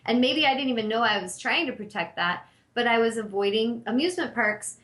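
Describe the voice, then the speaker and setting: Middle-aged woman healer talking to her show, earnest and reflective, kinda high voice, roomy echo. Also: expressive, brisk, a bit bright. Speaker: intuitive healer and show host. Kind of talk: personal talk show monologue.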